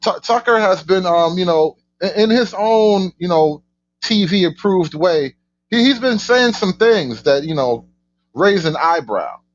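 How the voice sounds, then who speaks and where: A man's voice: sits high, animated, a little slow, muffled recording. Stammering sarcastic man commentating. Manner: stammering, repeats words, mock-outraged sarcasm. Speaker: host of a political commentary channel. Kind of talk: casual reaction commentary.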